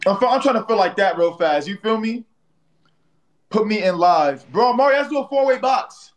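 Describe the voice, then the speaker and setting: A livestreaming man with a high, animated voice and moderate pace trades casual banter, teasing viewers and a rival with playful trash talk. Slang and repeated phrases fill his speech, and he caps lines with "bro."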